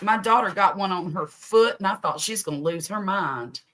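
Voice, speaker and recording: A woman's voice: medium pitch, moderate pace, a bit bright. A woman with a Southern US accent, co-hosting a crochet stream in a friendly, easygoing way. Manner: friendly, calls everybody honey. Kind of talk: casual chat.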